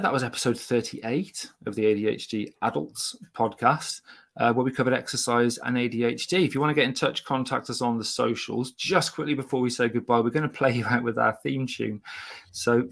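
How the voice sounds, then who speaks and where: A British man co-hosting a casual podcast, his voice noticeably gravelly with a lot of vocal fry. He ribs his co-host in a dry, teasing way and talks at an ordinary middle pitch. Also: fairly bright tone. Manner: dry teasing banter, then brisk wrap-up.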